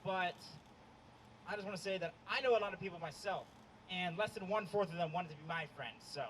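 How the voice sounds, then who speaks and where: A young man performs stand-up outdoors in the cold, with a high voice and a hesitant, deadpan delivery full of ums. Noise runs under the whole recording. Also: a little fast. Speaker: stand-up comedian. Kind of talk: stand-up set.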